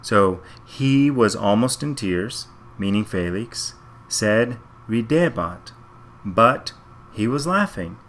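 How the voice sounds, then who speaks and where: A man's voice: lowish voice, expressive, slow, a bit bright, slight background noise. A man teaching Latin, working through a reading passage sentence by sentence and thinking aloud in a methodical way. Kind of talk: slow step-by-step translation walkthrough.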